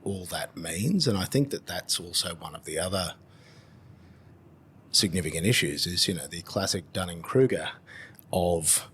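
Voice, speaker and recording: A man, hosting a podcast in casual conversation, animated and swearing freely. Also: low-pitched, moderate pace, husky. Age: 50s. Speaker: podcast host.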